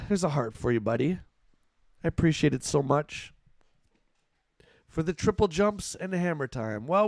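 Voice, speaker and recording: A man live-streaming a retro game, reacting loudly to the action and chatting with his viewers. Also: sits high, no echo, studio quality. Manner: excitable, yells at the game, chats with viewers. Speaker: livestream gamer. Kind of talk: live gameplay chat with viewers.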